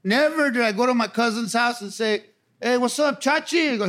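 A man's voice: very high voice, brisk, fairly bright tone. A man doing a stand-up comedy set, talking in punchy slang with a laugh in his voice. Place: comedy club stage. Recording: live club audience and crowd noise.

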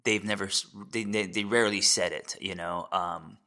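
A man in his forties, a podcast host and therapist, sharing a candid personal story in a reflective, halting way with many fillers and restarts. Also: low-pitched, fairly even intonation, creaky, bright, forceful tone. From United States.

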